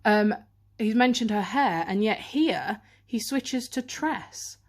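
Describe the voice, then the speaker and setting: A woman teacher speaks slowly, her voice a little high with lively intonation, during a poem revision lesson filmed on a handheld camera. She reads lines aloud and unpacks them in close detail.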